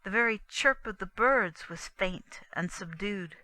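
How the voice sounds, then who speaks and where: A woman reading an audiobook with calm, deliberate narration. Her delivery is slow and her tone bright, recorded close and dry. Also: medium pitch, dry recording, rough recording. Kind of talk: scripted narration.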